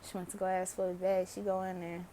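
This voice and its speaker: A woman's voice: lowish voice, completely flat delivery, fast, mellow, slight background noise. A young woman vlogging to camera, telling a story casually, laughing often and swearing freely.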